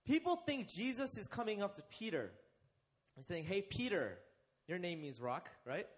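A young man delivers a sermon in a high, animated voice that rises and falls freely. He keeps questioning his congregation and drawing them in. He slows right down to stress the phrases that matter. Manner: interactive, asks the congregation questions and leads them. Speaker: preacher.

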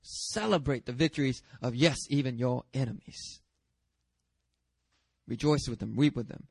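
A pastor preaching a sermon in a lively, conversational way, with self-deprecating humor and chatty asides. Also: male voice, medium pitch, normal speed, creaky, breathy edge, no room sound, clean studio sound.

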